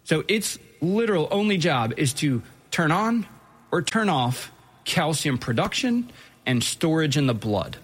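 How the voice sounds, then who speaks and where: A man hosts a radio health program from a studio. He explains medical matters in an easygoing, conversational way. His voice sits a little higher than most men's. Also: very animated, a little slow, husky. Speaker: radio health show host.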